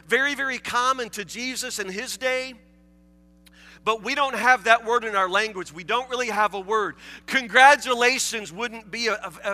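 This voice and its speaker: Bright high-voiced man preaching in a hall. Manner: conversational preaching, frequent stammered restarts. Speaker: pastor. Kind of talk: sermon. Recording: reverberant hall with faint music.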